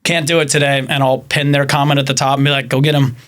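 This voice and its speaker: A man's voice: mid-range voice, fast. A man telling rescue stories. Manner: animated storytelling, acts out quoted people. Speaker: podcast guest, animal rescuer. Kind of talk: casual chat.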